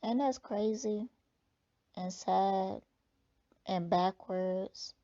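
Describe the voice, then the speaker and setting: A woman reader giving slow, thoughtful, blunt commentary on a clip in a casual way. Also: mid-range voice, mellow, lo-fi sound. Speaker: spiritual reader reacting to a clip.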